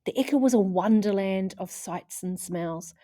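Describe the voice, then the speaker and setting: A woman reading a children's chapter book aloud in a lively way, putting on voices for the characters. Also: medium pitch, moderate pace, no echo, clean studio sound. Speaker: audiobook reader.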